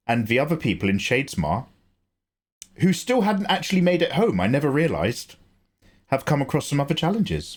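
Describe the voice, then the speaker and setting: English guy streaming, chatty, swears a lot, voice jumps around a lot. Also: medium pitch. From England. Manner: chatty, animated, swears and laughs easily. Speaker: livestream host. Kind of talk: casual livestream chat.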